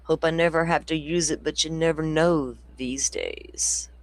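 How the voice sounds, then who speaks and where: A man with a drawl talks casually to his viewers. He rambles through stories, laughs often and swears without a second thought. His voice sits a little high, and the recording is dry and close, with no room sound. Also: steady tone, measured pace, dry recording. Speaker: true crime livestream host.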